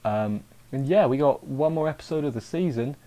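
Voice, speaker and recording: A man's voice: medium pitch, lively intonation, normal speed, mellow. A young man casually reviewing an anime episode, rambling and chatty, acting out the characters' lines as he goes.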